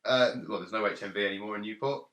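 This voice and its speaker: A man's voice: lowish voice, fast talker, a bit bright. A man hosting a podcast, telling self-deprecating stories in casual chat. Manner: storytelling, jokey, self-deprecating. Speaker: podcast host. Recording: roomy echo.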